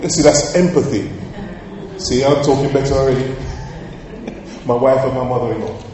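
A male pastor preaching a sermon with emphatic, sometimes loud outbursts. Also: medium pitch, fairly even intonation, normal speed, noisy background. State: coughing, slightly hoarse. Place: large church hall. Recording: echoey hall, heard from far off.

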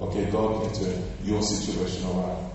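Pastor guy preaching, kinda low voice, repeats stuff slow for emphasis, calls for amens, super echoey church from far off. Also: flat delivery, a little mellow, slight background noise. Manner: emphatic, repeats key phrases slowly, calls for responses. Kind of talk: preaching a sermon. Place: church sanctuary. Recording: echoey church hall, voice from afar.

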